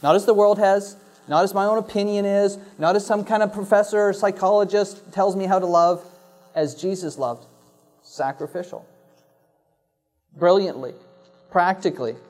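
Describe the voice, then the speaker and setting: A man's voice: high voice, steady tone, normal speed, a little mellow. A man delivering a sermon as a pastor, earnest and reflective, leaning on emphatic repetition.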